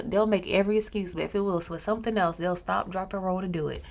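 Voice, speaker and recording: A woman's voice: mid-range voice, fast, vocal fry, hardly any pauses, a little mellow. Chatty woman storyteller. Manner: chatty, with personal asides. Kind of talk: casual storytelling.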